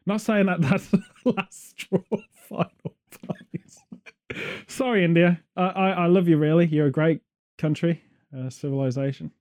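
A man's voice: on the high side, fairly even intonation, moderate pace, darkish tone. A man hosting a podcast, rambling and joking sarcastically in casual chat. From Britain. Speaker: podcast host.

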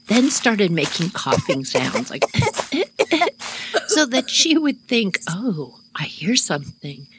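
Woman, podcast storyteller, animated, laughing, very lively pitch. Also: slight background noise, low-quality recording. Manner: animated, laughing, addresses listeners as "you all". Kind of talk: casual storytelling.

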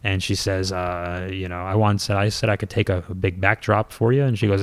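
A man, a former pro wrestler, telling a story in a casual, lively and self-mocking way, with some swearing. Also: sits low, a little fast, smooth, dry recording.

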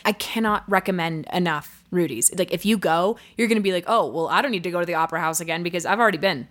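A woman's voice: lowish voice, quick pace, lightly acted. A woman improvising a bubbly, over-dramatic woman obsessed with all things Australian. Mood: gushing. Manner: bubbly, breathless, swooping gushing. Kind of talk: improvised comedy sketch.

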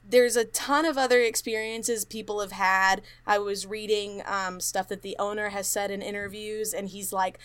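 A woman's voice: mid-range voice, moderate pace, few pauses, clear, resonant tone. A woman co-hosting a podcast, casually retelling a haunted-place story with lots of fillers and acted-out quotes. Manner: animated retelling, acts out quotes, many fillers. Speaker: podcast co-host.

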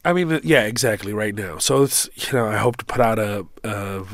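A man from Kuwait, a comedian guest telling stories in an interview, acting out quotes with lively shifts in voice. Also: lowish voice, moderate pace, no echo, clean studio sound. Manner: animated storyteller, acts out quotes. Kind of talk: storytelling interview.

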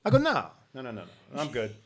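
A man's voice: medium pitch, fast talker. A man telling a story from his past in a casual podcast chat, acting out the people he quotes. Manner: animated storyteller, acts out quoted voices. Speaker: podcast guest.

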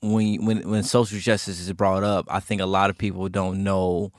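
A man's voice: low voice, flat delivery, moderate pace, no echo, clean studio sound. A man co-hosting a podcast in casual chat, laughing easily and hesitating with ums and restarts. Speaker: podcast co-host.

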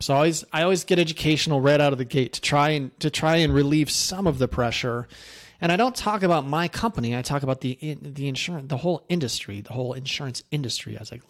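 A male podcast host with a voice of ordinary middle pitch. He talks in a loose, conversational way, walking listeners through his work with frequent fillers and false starts. His delivery is energetic and salesy at times and plainly explanatory at others. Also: fast talker. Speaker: podcast host, insurance agency owner. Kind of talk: casual podcast talk with ad read.

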